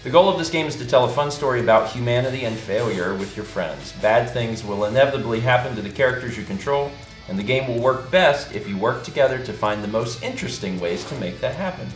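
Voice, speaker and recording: A man's voice: medium pitch, lively intonation, fast, reverberant, faint music behind. A man hosting a stream, chatting casually and reading out game rules in an easygoing, patient way.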